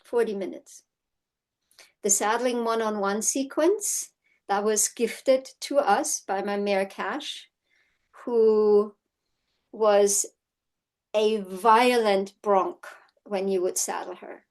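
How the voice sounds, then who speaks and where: A middle-aged woman teaching an online horsemanship course in a casual, storytelling way, often checking in with "right?" and acting out quotes in lively voices. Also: medium pitch, slow, long pauses. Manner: chatty storytelling, frequent "right?" tag questions; acts out quotes in animated voices. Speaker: horsemanship instructor.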